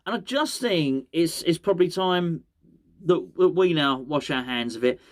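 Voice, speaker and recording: A man's voice: fairly high pitch, expressive, normal speed. A man hosting a football podcast, talking casually on his own, rambling and correcting himself as he goes. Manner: rambling, self-correcting, repeats words. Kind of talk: casual solo football chat.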